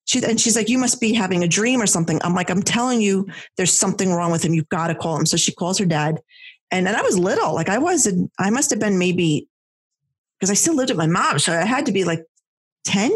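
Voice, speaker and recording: A woman, telling a personal story in casual chat, animated and full of fillers and restarts. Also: medium pitch, husky.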